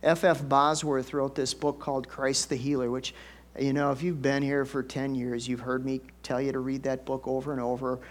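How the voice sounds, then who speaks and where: A middle-aged man preaching a conversational sermon as pastor, folksy and chatty, jumping up into excited bursts and dropping into soft asides. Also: medium pitch, normal speed.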